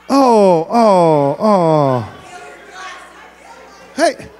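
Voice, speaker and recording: A man preaching as a youth pastor, playfully wrangling a big room of students and often shouting. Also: high voice, very animated, moderate pace, long pauses, some chatter behind. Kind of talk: youth ministry sermon.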